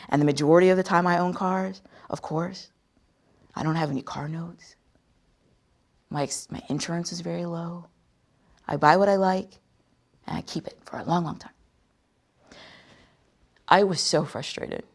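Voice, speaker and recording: A woman's voice: on the low side, unhurried, creaky, long pauses. A woman host telling a personal story in a conversational, emphatic way. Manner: animated, conversational, emphatic retelling. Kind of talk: storytelling talk on sales.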